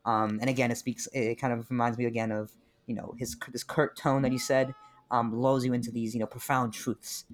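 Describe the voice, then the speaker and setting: A man's voice: mid-range voice, brisk. Joking young New guy. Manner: animated, joking, laughs often. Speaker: podcast co-host. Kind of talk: casual chat about books.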